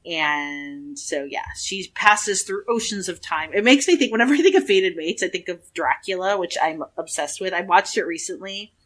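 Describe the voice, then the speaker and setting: Casting: low-voiced woman podcast co-host, rambling, profane, lots of fillers. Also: animated, normal speed, hardly any pauses, fairly bright tone. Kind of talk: casual chat.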